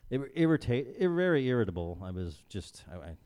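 A man hosting a casual podcast chat with friends, rambling and halting with lots of fillers. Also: medium pitch, sing-song, a little mellow. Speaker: podcast host.

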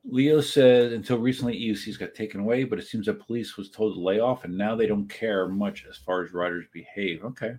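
This man's lowish voice is a little fast, with few pauses, a slightly mellow quality and a breathy edge. He's hosting a casual livestream from a desk setup, reading the chat aloud and rambling on in reply.

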